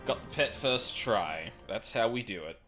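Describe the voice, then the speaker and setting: A man streaming a video game with casual, excitable commentary and plenty of swearing. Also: fairly low pitch, unhurried, over music.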